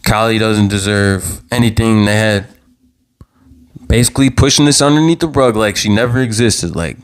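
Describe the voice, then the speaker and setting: A young man hosting his own live show, giving impassioned commentary in a heated, worked-up voice, repeating himself and stumbling over restarts as he gets louder. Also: on the low side, moderate pace, smooth. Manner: heated, repetitive, stammering restarts, rising to near-yelling. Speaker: vlog host.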